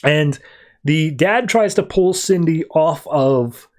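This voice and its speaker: A man with a somewhat high speaking voice hosts a podcast and walks through a story in a loose, chatty recap. He fills pauses with "uh" and "like" and throws in offhand asides. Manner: conversational, loose summary with fillers and asides. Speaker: podcast host. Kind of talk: casual comic book recap.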